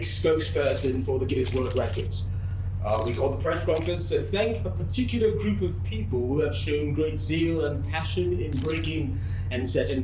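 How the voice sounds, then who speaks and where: A man playing an exasperated male spokesman at a press conference, breaking into shouted rants. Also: a little high, natural voice. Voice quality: shouting rants with sudden outbursts. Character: exasperated male record-keeping spokesman, ranting. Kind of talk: sketch comedy acting. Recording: echoey room with faint noise.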